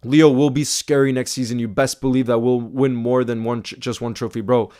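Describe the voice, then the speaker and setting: An excitable man hosting a football fan livestream, chatting casually, saying bro a lot and reading viewer comments aloud. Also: mid-range voice. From Iceland. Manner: excitable, fast-talking, says bro a lot.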